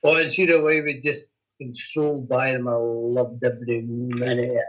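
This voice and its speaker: A man's voice: mid-range voice, little pitch movement, normal speed, a bit bright, slight background noise, rough recording. A Scottish man calling in to a chat show, boisterous and sweary, often laughing as he tells his story. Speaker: caller. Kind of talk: casual phone-in chat.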